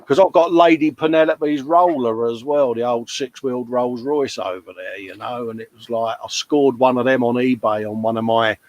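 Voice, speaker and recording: A man's voice: medium pitch, normal speed, darkish tone, highs cut off. A man co-hosting a hobby livestream, casually chatting and reading out viewer comments, calling everyone mate. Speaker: livestream co-host.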